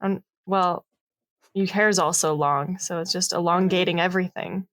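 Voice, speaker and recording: A woman's voice: lowish voice, fairly even intonation, moderate pace, fairly bright tone. A woman guest on a podcast, giving direct, encouraging advice in casual chat.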